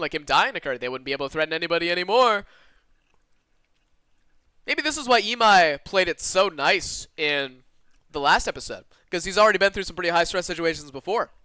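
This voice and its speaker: A man with a slight Southern twang reads a visual novel aloud on a live stream from his own room. He talks fast and with a lively, bouncing pitch, breaking off for quick asides. His voice is bright, and the sound is dry and close. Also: clear, resonant tone, no room sound. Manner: animated and expressive, with quick asides to chat.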